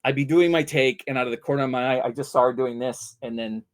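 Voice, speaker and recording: A man from Vancouver, a voice actor telling casual, animated anecdotes and bursting into loud character voices. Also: mid-range voice, fast talker. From Vancouver, Canada. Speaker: voice actor guest.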